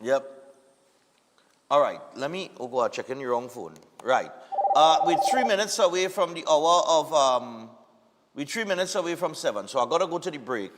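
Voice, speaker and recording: Trinidadian male morning host with a cold, relaxed call-in chat, reverberant room. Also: fairly high pitch, normal speed, slight background noise. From Trinidad and Tobago. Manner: relaxed, repeats words while thinking. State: has a cold and sore throat.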